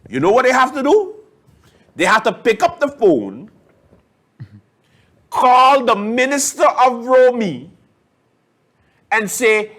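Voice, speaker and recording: A man's voice: very high-pitched, big pitch swings, slow pace, long pauses, a bit bright. A man hosting a political talk show, conversational and sarcastic, leaning hard on his key points. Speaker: host. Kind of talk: casual political commentary.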